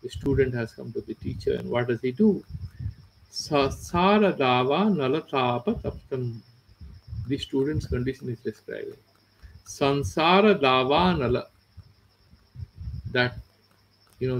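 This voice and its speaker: This Vedanta teacher, speaking in a medium-pitched, creaky voice with an Indian English accent, lectures on philosophy by unpacking verses through everyday examples, weaving in Sanskrit and Hindi. The audio is poor, with slight hiss or hum.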